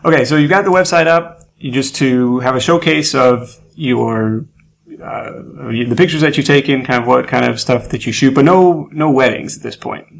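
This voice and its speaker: Gravelly-voiced male podcast host. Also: mid-range voice, moderate pace. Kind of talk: casual interview chat.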